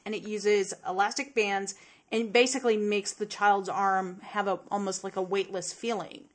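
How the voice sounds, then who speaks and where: A woman's voice: mid-range voice, steady tone, moderate pace. A woman co-hosting a casual podcast chat, bubbly and giggly as she shares news items. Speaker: podcast co-host.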